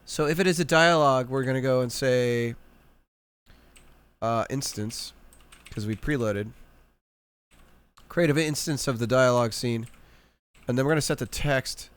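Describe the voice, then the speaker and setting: A man streaming live, talking through his code in a low-key, self-mocking way. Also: unhurried, long pauses, a bit bright, smooth, no echo. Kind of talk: live coding commentary.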